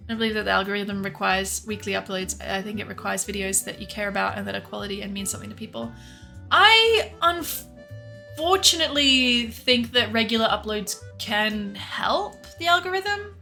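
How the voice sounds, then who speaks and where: A woman's voice: medium pitch, sharp tone. A young woman streamer in casual livestream chat, rambling, laughing often and swearing casually.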